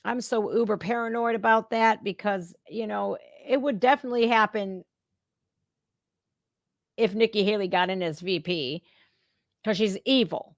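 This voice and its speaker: A woman's voice: medium pitch, normal speed, long pauses, no echo, studio quality. A woman hosting a reaction channel, giving blunt, profane, casual commentary straight to her viewers.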